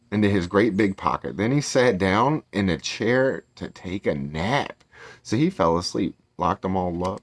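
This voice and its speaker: A man's voice: low-pitched, vocal fry, no echo. A man casually reading a storybook aloud, with rambling, chatty asides and self-corrections.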